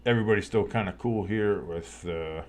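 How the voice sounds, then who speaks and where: A man with a lowish voice, speaking at normal speed, gives lighthearted play-by-play while streaming a live game. He gets excited on big plays, jokes around, and chats with his viewers.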